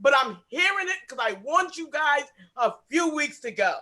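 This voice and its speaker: A man's voice: extremely high pitch, sing-song, normal speed, bright, forceful tone. A man speaking at an online meeting, emotionally upset, insistent and repeating his points. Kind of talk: impassioned remarks at an online meeting.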